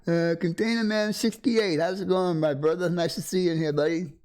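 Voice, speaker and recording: Close to his desk condenser mic, a middle-aged livestream host chats casually from home, calling out viewers by name with frequent chuckles. He talks fairly quickly in a high-pitched voice with a steady, darkish tone.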